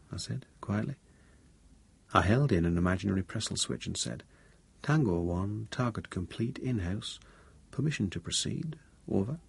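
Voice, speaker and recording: A man narrating a thriller audiobook in first person, measured and low-key with a tense undertone. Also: vocal fry, a little mellow, breathy edge, no room sound.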